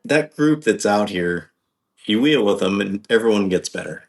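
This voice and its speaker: Low-voiced man rambling about off-roading. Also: lively intonation, moderate pace. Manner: rambling, hesitant with many ums and restarts. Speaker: podcast guest, off-road driver. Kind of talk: casual podcast chat.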